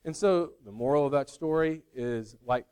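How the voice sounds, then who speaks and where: A man's voice: mid-range voice, normal speed, darkish tone, clean tone. A man preaching a sermon as pastor, conversational and loose, often stopping to restart his sentences. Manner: conversational, self-interrupting, acts out movie scenes.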